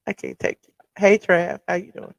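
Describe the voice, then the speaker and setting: A woman hosts a casual live call-in show with a gravelly edge to her voice. She is brassy and teasing and cuts in on callers. The sound is dry and close. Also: medium pitch, no room sound. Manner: brassy, teasing, quick to cut in. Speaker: host.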